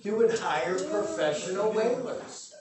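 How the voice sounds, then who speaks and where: Male preacher, high-pitched, animated sermon, booming echo, distant mic. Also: measured pace, a crowd in the background. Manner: animated, acts out scenes with loud bursts. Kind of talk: sermon teaching from scripture. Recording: echoey room, speaker far from mic.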